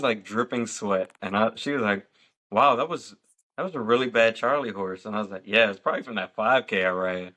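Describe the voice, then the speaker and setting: A man in his mid-thirties hosts a relaxed podcast conversation. He has a bright, forceful tone sitting a little low in pitch, and he tells stories animatedly, acting out what people said. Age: 30s. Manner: animated storyteller acting out quotes. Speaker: podcast host. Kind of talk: casual chat.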